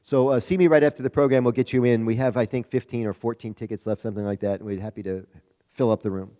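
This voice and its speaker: A man's voice: mid-range voice, steady tone, fast talker, mellow. Folksy man speaking in an echoing hall. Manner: folksy, chatty, jokey. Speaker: Rotary district leader giving a talk. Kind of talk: conference speech. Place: large conference hall. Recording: reverberant conference hall.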